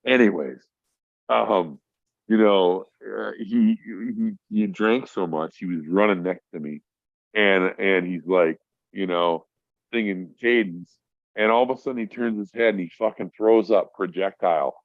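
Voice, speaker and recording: Middle-aged male podcast guest, deep voice, rambling war-story teller, swears freely, dry lo-fi sound. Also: unhurried, no room sound. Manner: profane, rambling, acts out voices in his stories. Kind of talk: casual storytelling. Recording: dry, dull lo-fi audio.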